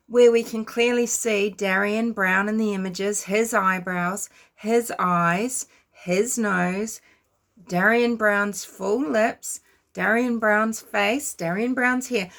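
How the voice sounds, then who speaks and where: A woman's voice: a little high, gravelly, fairly bright tone. A woman giving ranting commentary, scornful and lecturing her viewers. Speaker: commentary vlogger.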